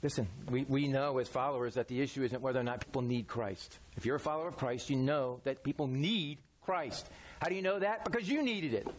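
A man's voice: medium pitch, fairly quick, a little hiss or hum. A man preaching a sermon in a folksy, conversational way, using everyday examples. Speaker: pastor.

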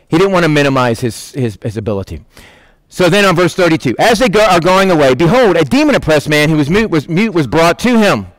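A man delivers a sermon in a casual, animated style, acting out the people in the story. His voice sits high for a man. The sound is dry, with almost no room echo. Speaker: pastor. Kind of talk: conversational sermon.

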